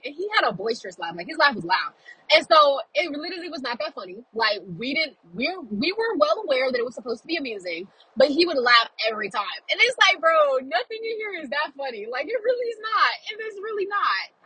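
Woman vlogger, talks in her car while driving, bright tense tone, breathy husky texture, chatty and animated. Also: on the high side, low-quality recording. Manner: chatty and animated, with many "like"s and quoted reactions. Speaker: vlogger reviewing a film. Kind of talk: casual chatty review.

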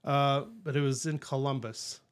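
A man's voice: mid-range voice, fairly even intonation, normal speed, smooth. A middle-aged man, co-hosting a casual chat and telling rambling stories with easy laughs. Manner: chatty, laughs easily, rambling storyteller. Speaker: podcast co-host.

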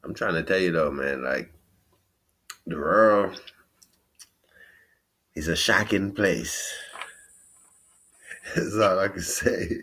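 A man with a New York accent hosting a casual podcast chat. He laughs often, swears freely and retells stories in an animated way. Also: deep voice, slow, pauses often. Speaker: podcast host.

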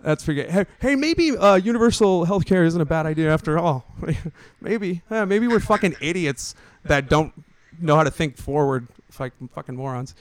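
A man's voice: fairly high pitch, normal speed, hardly any pauses, clean tone, no room sound. A man in his thirties hosting a casual podcast, swearing freely, joking and ranting. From Austin, Texas area resident. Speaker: podcast host.

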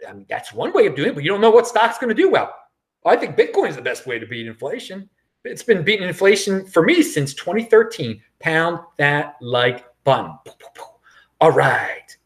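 A man's voice: a little high, very animated, moderate pace. A man hosting his own cryptocurrency show, talking in a sarcastic, rambling way with frequent restarts and chuckles. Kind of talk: casual livestream commentary.

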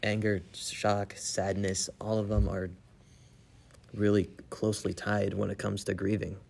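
A man's voice: lowish voice, flat delivery, unhurried, creaky, a little mellow. A young man in a casual chat, earnest, repeating himself and restarting as he talks. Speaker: guest.

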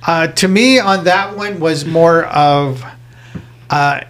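A man's voice: a little high, slow pace, a bit bright. A man co-hosting a casual podcast, arguing his opinions about a reality show. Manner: opinionated, argues his view. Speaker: podcast co-host.

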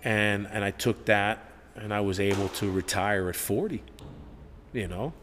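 A man, a gym owner and coach telling stories in a casual, profane, animated interview, acting out what people said. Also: on the low side, a little slow. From Newark, New Jersey. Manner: profane, animated storyteller who acts out quotes. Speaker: gym owner and head coach, podcast guest. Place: martial arts gym. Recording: reverberant room with faint background noise.

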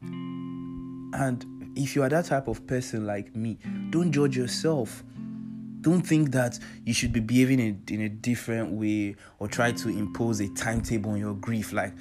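A man's voice: mid-range voice, unhurried. A young man with a Nigerian accent giving personal advice in a casual, heartfelt monologue, earnest and emphatic, repeating phrases for stress. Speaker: vlogger sharing personal advice. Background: soft guitar music.

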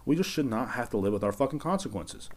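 A man's voice: medium pitch, lively intonation, quick pace. A man hosting his own podcast, ranting in a rambling, sarcastic, profane way. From United States. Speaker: podcast host. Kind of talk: casual solo podcast rant.

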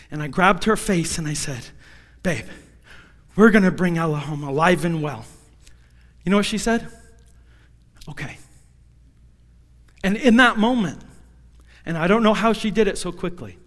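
A young man preaching a personal testimony as a sermon, moving from hushed storytelling to shouted, pleading prayer. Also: high voice, in a large hall.

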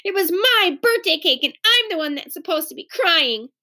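A woman's voice: very high-pitched, expressive, moderate pace, pushed and bright, pitched above the performer's own voice, heavily acted. A woman voicing an upset young girl in a storybook reading. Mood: angry.

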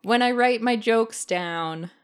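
A woman's voice: fairly high pitch, slow, smooth. A woman co-hosting a podcast in casual chat, telling rambling stories with giggles. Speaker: podcast co-host. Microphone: studio microphone.

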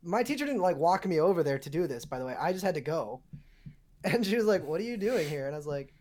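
A woman's voice: deep voice, fast. Casual swearing young woman telling a story. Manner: animated, swearing storyteller acting out quotes. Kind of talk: casual storytelling among friends.

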